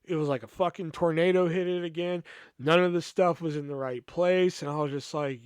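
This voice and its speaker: Man, podcast host, heated swearing storyteller, higher voice, dry close sound. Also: fairly even intonation, brisk, clean tone, no echo. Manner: profane, heated storytelling with fillers. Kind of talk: personal storytelling.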